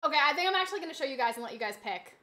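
A woman streaming a game, chatting casually with her audience, reading chat aloud and slipping into animated, mock-indignant rants. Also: sits high, rapid-fire. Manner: chatty, reads chat aloud, laughs easily. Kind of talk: casual live-stream chat while gaming.

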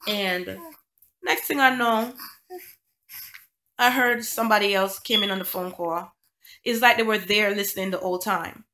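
A woman's voice: medium pitch, normal speed, pauses often, pushed and bright. A woman vlogging about a conflict, indignant and emphatic, pressing home her point with repeated rhetorical questions. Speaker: single mom vlogger. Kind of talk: indignant storytime vlog.

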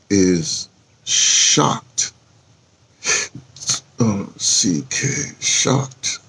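A man with a New York accent rambles to his camera in a casual vlog. His low voice is rough and husky, with gravel at the bottom. He drifts between chatting and muttering to himself as he fills out a post. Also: animated, drawn-out words, long pauses, fairly bright tone. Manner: chatty, self-talk while typing a post, spells words aloud. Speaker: vlogger.

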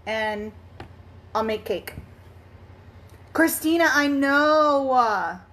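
A chatty woman with a high voice hosts a live crafting stream. She greets her viewers one by one and laughs easily as she talks. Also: expressive, drawn-out words, fairly bright tone. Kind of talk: casual live-stream chat while crafting.

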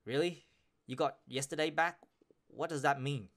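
A man's voice: a little high, normal speed, a bit bright. A man hosting a podcast, ranting in a casual monologue, swearing and repeating himself as he presses his points. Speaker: podcast host.

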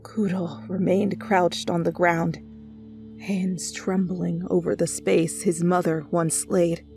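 A woman narrating a second-person fanfiction story in a soft storytelling voice. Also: lowish voice, little pitch movement, takes it slowly, creaky, soft background music. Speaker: fanfiction reader.

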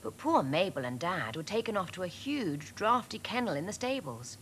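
A woman reading a children's story aloud, with an expressive, animated storytelling delivery. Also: lowish voice, normal speed, a little hiss or hum.

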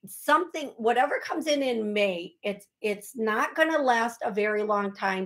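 Slow-talking psychic radio host, a woman. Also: a little high, fairly bright tone. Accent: American. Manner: unhurried, self-deprecating, laughs easily. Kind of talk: radio call-in reading.

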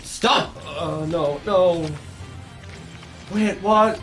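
Swearing, frustrated gamer shouting. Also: male voice, a little high, sing-song, a little slow, soft background music. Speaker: gaming YouTuber. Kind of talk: let's play commentary.

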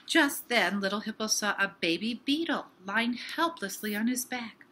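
A woman reading a picture book aloud to children, slow with expressive emphasis. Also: a little high, slight background noise. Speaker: storybook reader.

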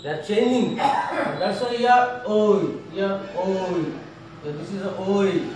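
A man's voice: sits high, takes it slowly, a little mellow. A man teaching pronunciation, repeating each word many times and correcting mistakes. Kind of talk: classroom phonetics lesson with word drills. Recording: echoey room recorded from far off with faint noise.

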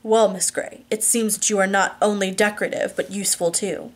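A woman's voice: medium pitch, steady tone, fairly quick, lightly acted. Woman doing a curt, murmuring rich businessman. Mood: curt, teasing.

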